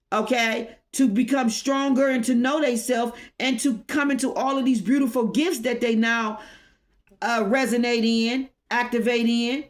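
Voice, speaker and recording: Woman, tarot reader, fairly high voice, profane, confrontational, repeats okay. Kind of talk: tarot reading monologue.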